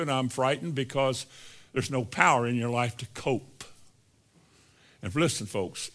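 Bright-voiced preacher with drawn-out emphasis. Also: male voice, mid-range voice. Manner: slows down and drags out scripture quotes for emphasis; addresses the congregation directly, swinging from soft to emphatic. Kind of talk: sermon. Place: church in front of a congregation.

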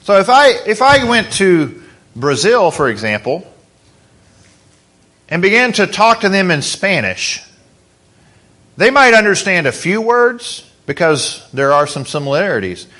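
Bright, high-voiced male preacher. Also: very animated, measured pace, long pauses. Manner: conversational, asks the congregation questions. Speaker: pastor. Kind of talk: sermon.

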